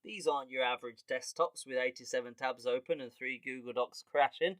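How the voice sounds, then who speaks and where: This comedy podcast host talks briskly in a mid-range voice, recorded dry and close without any room sound. His casual monologue is animated, full of laughter and casual swearing.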